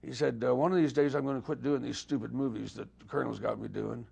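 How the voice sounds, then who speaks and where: Older man, gravelly voice, laid-back raconteur acting out old conversations. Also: medium pitch, fast. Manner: relaxed anecdotal storytelling, voices quoted dialogue. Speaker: guest musician. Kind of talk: storytelling interview.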